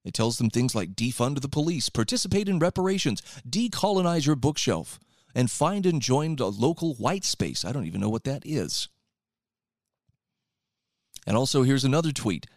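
A man's voice: medium pitch, sing-song, moderate pace, no room sound, studio quality. A man hosting a talk radio show, reading out and commenting on articles in a sarcastic, opinionated way.

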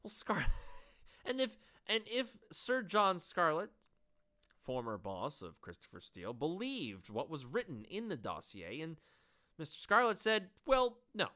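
A woman's voice: low-pitched, wildly swooping pitch, measured pace, sharp tone. A woman giving opinionated solo political commentary, sarcastic and exasperated, laughing at her own jokes.

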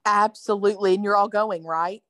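A woman's voice: medium pitch, steady tone, a little fast, a bit bright, no echo. A tired, yawning woman, telling a story in casual chat with lots of fillers. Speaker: podcast co-host.

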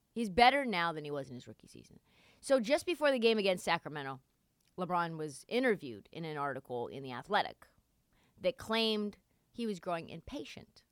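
A woman giving casual sports commentary, animated and sarcastic, swearing freely. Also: low voice, no room sound, clean studio sound.

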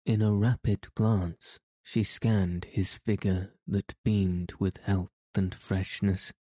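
A man narrating a classic novel as an audiobook in a measured, even reading. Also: low-pitched, no echo.

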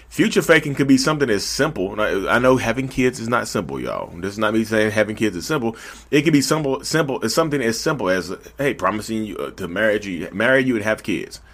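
Male podcast host, Southern drawl, casual and repetitive delivery. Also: medium pitch. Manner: animated, repetitive, talks to listeners directly. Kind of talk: casual monologue.

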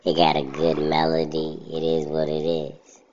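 A man's voice: rumbling low, completely flat delivery, a little slow, darkish tone, dull audio, a little hiss or hum. A man in casual chat, ranting bluntly about things that annoy him.

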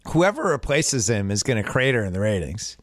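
A man's voice: fairly low pitch, sing-song, a little fast, dry recording, studio quality. Chatty, wry male podcast host. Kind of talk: casual chat.

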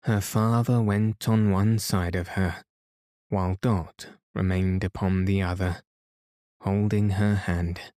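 A man reading a classic story aloud as a soothing bedtime narration, in a soft, even, unhurried manner. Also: sits low, no echo, studio quality. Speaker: podcast host and reader.

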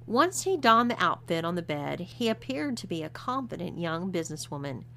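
A woman's voice: on the low side, sing-song, normal speed, vocal fry, a bit bright. A woman reading an adult story aloud as narrator. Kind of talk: audiobook reading.

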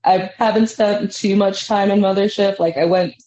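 Woman, comedian guest, casual storytelling, mellow low voice, lo-fi call audio. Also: steady tone, normal speed. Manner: storytelling, acts out quotes with lots of "like". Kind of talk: casual interview over a call. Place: apartment above a bar. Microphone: headphones on a video call.

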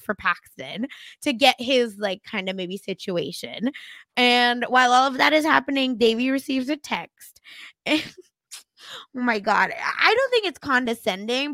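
A woman's voice: a little high, a bit bright, dry recording. A young woman co-hosting a podcast, recapping a TV episode in casual chat with dramatic asides. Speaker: podcast co-host.

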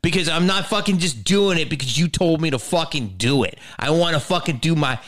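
A man's voice: fairly high pitch, a little fast, no room sound, clean studio sound. A man doing a profane, emphatic stand-up rant about his schooling and distrust. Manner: profane, emphatic, rising to shouted rants.

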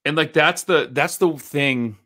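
A man's voice: fairly high pitch, a little slow, pushed and bright. A man in his thirties chatting casually as a podcast co-host, retelling a scary story with lots of swearing. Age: 30s. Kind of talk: casual chat.

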